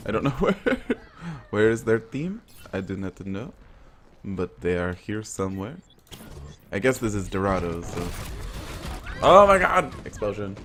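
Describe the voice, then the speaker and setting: Playful, crude gaming commentator, low voice. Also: male voice, lively intonation, normal speed, slight background noise. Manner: playful, crude, self-mocking. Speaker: gaming video host. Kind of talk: casual gameplay commentary.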